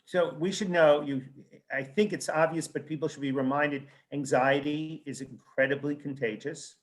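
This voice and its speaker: Man, author guest, slightly higher voice, animated anecdotal storyteller who acts out quotes. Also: moderate pace. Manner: animated storyteller acting out quoted dialogue, frequent restarts. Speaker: child psychiatrist and author. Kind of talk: conversational interview, anecdotal storytelling.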